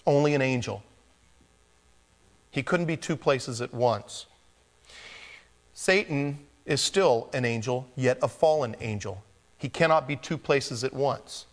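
A male pastor teaches through scripture in a casual, talking-to-you manner. His voice sits at an ordinary middle pitch. He moves between soft, almost whispered pleading and forceful, pressing emphasis. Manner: conversational preaching, shifting from hushed near-whispers to emphatic exhortation. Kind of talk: expository sermon.

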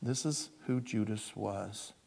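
A man preaching a sermon. He is animated, swings from loud emphasis to hushed asides, and acts out the people he quotes. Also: on the low side, slow pace, vocal fry, slightly rough. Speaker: pastor.

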